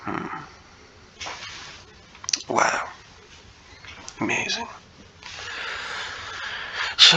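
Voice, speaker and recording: A man's voice: mid-range voice, gravelly, bright, forceful tone, slight background noise, rough recording. A man giving casual think-aloud commentary while solving puzzles, muttering to himself, hesitant and self-correcting. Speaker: chess content creator.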